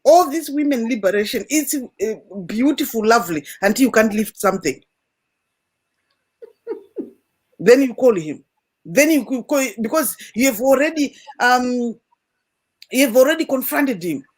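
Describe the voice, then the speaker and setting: A woman on an online panel, telling a family story in an earnest, animated way and acting out the voices she quotes. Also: fairly high pitch, measured pace, pauses often, breathy edge. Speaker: panel guest.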